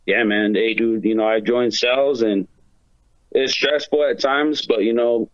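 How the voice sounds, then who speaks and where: A laid-back man talks casually as a podcast guest, filling his speech with "dude" and "you know". His voice has a middling pitch. The recording sounds dull and lo-fi, and it is dry, with no room echo. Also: steady tone, unhurried. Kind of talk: casual chat.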